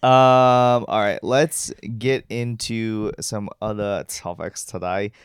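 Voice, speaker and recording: A man's voice: lowish voice, fairly even intonation, slow pace, clean tone, no echo, clean studio sound. A man co-hosting a podcast in casual chat, teasing his partner and steering topics. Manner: teasing, keeps the talk moving. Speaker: podcast co-host.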